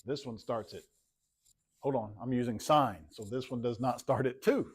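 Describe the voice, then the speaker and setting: A man's voice: medium pitch, measured pace, husky. A man teaching a math class in a classroom, casual and joking, often repeating himself.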